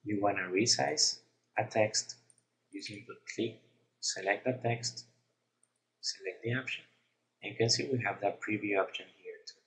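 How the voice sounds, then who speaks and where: A man narrating a screen-recorded software tutorial, explaining each step in a plain, unhurried way. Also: fairly low pitch, rough recording.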